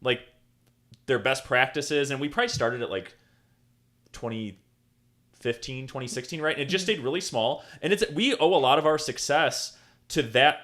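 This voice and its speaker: Relaxed male podcast co-host. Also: mid-range voice, moderate pace, pauses often. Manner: relaxed, many fillers and agreeing yeahs. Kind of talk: casual interview talk.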